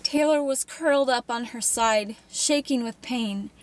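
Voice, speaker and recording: A woman's voice: fairly high pitch, unhurried, a little hiss or hum. A woman reading a novel chapter aloud, with chatty asides to her listeners. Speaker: reader.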